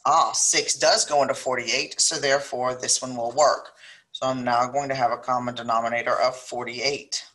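A middle-aged woman with a South Louisiana accent teaches a recorded math lesson. Her voice is bright and clear. She works the problems aloud, thinking as she goes and slowing down to spell out the numbers. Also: rumbling low, fairly even intonation. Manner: thinks aloud, slows down when dictating numbers.

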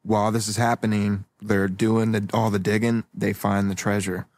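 A man's voice: fairly low pitch, little pitch movement, normal speed, a little mellow, dry recording. A man joking playfully through a comedic role-play with friends.

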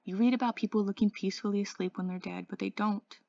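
A woman working as an English tutor, reading a novel aloud in a measured, even storytelling voice. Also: medium pitch, gravelly, dry recording. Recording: dull lo-fi dry audio.

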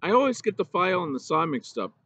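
A man's voice: high-pitched, very animated, quick pace, a bit bright, dull audio, slight background noise, voice pushed up, full character voice. A man voicing an earnest young schoolboy in a storybook reading, with polite, eager replies.

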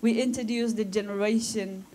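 A woman's voice: mid-range voice, steady tone, moderate pace, warm tone, a little hiss or hum. A woman from Afghanistan, giving a personal talk to students at a school, earnest and impassioned, sometimes restarting her phrases. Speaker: guest speaker at a school talk. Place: school assembly room.

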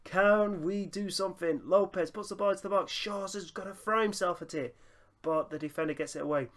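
A young man giving excitable running commentary over a football management game, breaking into laughter and shouts. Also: sits high, brisk. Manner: excitable, bursts into shouting and laughter at big moments. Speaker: gaming YouTuber.

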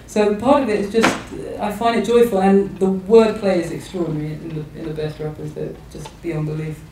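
A woman's voice: on the low side, little pitch movement, fairly quick, recorded from a distance, background noise. Hesitant woman author in echoey hall. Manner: thoughtful, hesitant, with many restarts. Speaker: novelist guest. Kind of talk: public conversation on stage. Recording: echoey hall recording from afar.

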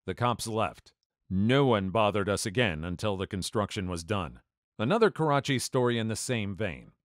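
Male narrator, lowish voice, very lively delivery, dry booth sound. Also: no echo. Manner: animated, acts out the dialogue. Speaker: story narrator. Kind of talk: scripted story narration.

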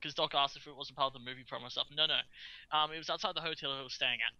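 Bright, halting man reading podcast news. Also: fairly high pitch, steady tone, smooth, no echo, dull audio. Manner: halting, full of ums and uhs, laughs often. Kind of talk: casual podcast chat.

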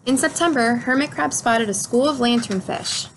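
A woman reads a children's picture book aloud, calm and clear, her voice sitting slightly high. A faint background hiss stays under her. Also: moderate pace. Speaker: storybook reader.

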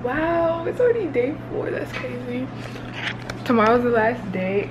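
A woman's voice: fairly high pitch, animated, a little slow, lo-fi sound, background noise. A young woman in her twenties chatting casually to her camera in a hotel room, upbeat and laughing often. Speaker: vlogger. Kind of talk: casual vlog chat to camera. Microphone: handheld phone or camera.

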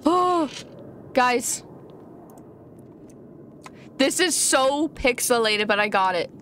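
Young woman streamer gasping and laughing at her game, voice swoops high all over, faint hum behind. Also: extremely slow. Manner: excitable, gasping and laughing often. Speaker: gaming streamer. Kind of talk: casual gameplay commentary.

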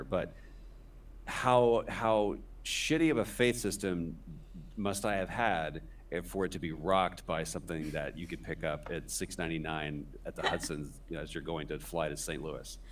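A man's voice: low-pitched, distant mic, slight background noise. A man in his forties, a podcast guest, telling a rambling, self-deprecating story in casual conversation.

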